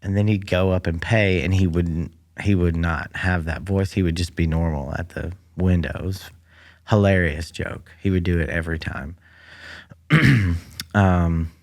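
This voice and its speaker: A man's voice: deep voice, fairly even intonation, a little slow. A man hosting his own podcast alone in a library room, rambling dryly with lots of fillers into a mic that picks up the room. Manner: rambling, dry, many fillers. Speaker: podcast host. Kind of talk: casual comedic monologue. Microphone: studio mic that picks up the room.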